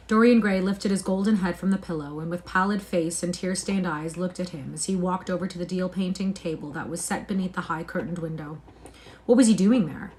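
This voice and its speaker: A woman narrating a classic novel aloud on a livestream, with an expressive, measured literary reading. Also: lowish voice.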